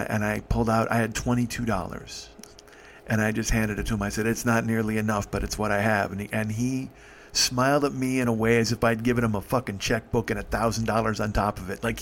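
A man hosting a podcast, telling a personal story in an emotional, profane way, halting and restarting. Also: mid-range voice, fairly bright tone. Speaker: podcast host.

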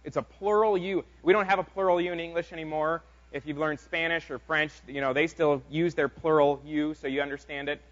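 A man preaching a conversational sermon as pastor, in an informal, halting way with frequent restarts. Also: fairly high pitch, fairly even intonation, a bit bright. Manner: informal, halting delivery with many fillers and restarts. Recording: dull lo-fi sound.

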